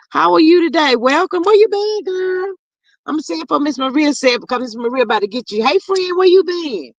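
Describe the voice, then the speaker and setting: A woman hosts a livestream, chatting casually and reading comments aloud in a drawling voice that swings high and low. There's no room sound.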